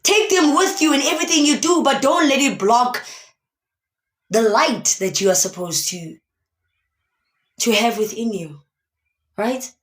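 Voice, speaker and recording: Brief: South African woman, motivational live streamer, emphatic and preachy, voice a little high and very animated, echoey room. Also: unhurried, pauses often. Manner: emphatic, preachy, asks many rhetorical questions. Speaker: motivational speaker.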